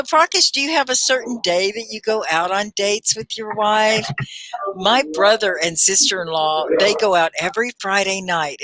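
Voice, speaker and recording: A woman hosting a live online English class, upbeat and encouraging, laughing often and repeating words slowly and clearly. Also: mid-range voice, fairly bright tone, low-quality recording. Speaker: ESL teacher and livestream host.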